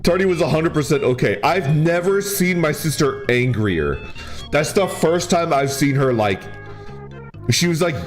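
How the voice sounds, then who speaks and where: Male VTuber, casual storyteller, animated with a lively pitch, laughs through his lines, heavy on fillers. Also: unhurried, faint music behind. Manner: animated, laughs often while talking; full of fillers like "like" and "right?". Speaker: VTuber streamer. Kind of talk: casual chat, telling a childhood story.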